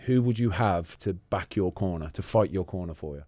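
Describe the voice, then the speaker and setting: A man's voice: low voice, normal speed, dark tone, no room sound, clean studio sound. A man in his forties hosting a podcast, teasing his guest and laughing often in casual chat. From England. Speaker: podcast host.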